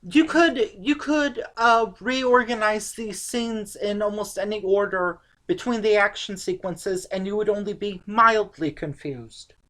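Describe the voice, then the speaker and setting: A woman's voice: mid-range voice, a little slow, few pauses, a bit bright. A woman reviewing an old movie in casual chat, sarcastic and exasperated.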